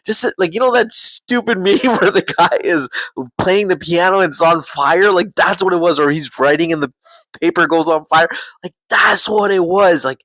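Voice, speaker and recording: A man reviewing a show in a casual, excitable way, swearing and saying "like" often. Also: on the high side, no room sound, rough recording.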